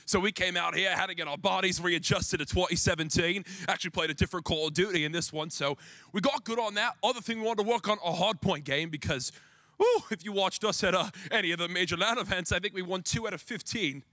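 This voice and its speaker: A young Australian man, a pro gamer interviewed on an event stage, answering with deadpan jokes. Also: high voice, fast talker, no room sound, clean studio sound. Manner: deadpan joker. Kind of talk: joking interview.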